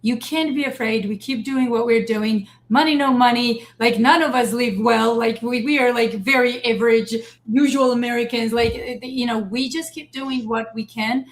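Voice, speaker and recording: A woman hosting a casual political talk stream, animated and emphatic as she speaks straight to her viewers. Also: a little high, moderate pace, hardly any pauses, low-quality recording. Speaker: show host. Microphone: streaming setup.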